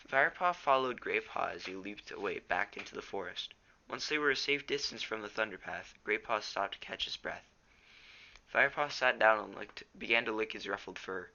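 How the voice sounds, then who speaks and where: A man's voice: fairly low pitch, brisk, vocal fry, pushed and bright, dull audio. A teenage boy reading a novel aloud at home, plainly, with small stumbles. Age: teens. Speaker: reader.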